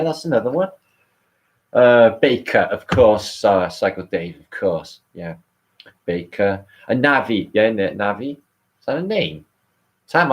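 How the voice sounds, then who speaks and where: A British man with a lowish voice hosts a loose live stream. He rambles, cracks jokes and swears freely as he answers viewers by name. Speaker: livestream host. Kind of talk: casual live chat reading viewer comments.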